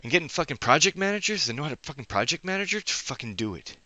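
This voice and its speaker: A man's voice: fairly high pitch, sing-song, rapid-fire, bright, forceful tone, no echo. A man rambling through a monologue, swearing heavily and breaking off his sentences as he thinks aloud. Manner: profane, restless, thinking aloud; self-interrupting, trails off mid-sentence. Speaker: vlogger.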